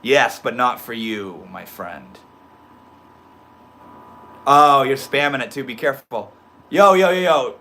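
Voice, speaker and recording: Laid-back young man, bright voice. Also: mid-range voice, slow, pauses often, slight background noise. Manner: reads chat comments aloud, swings between soft murmurs and loud excited outbursts; swears casually, laid-back stoner slang. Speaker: livestream host reading chat. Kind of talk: casual livestream chat.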